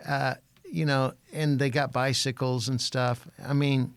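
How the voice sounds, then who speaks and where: A man's voice: medium pitch, little pitch movement, measured pace, clear, resonant tone, dry recording. A man co-hosting a podcast, chatting casually, trading dry jokes and grumbling through lists of complaints. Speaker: podcast co-host. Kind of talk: casual chat.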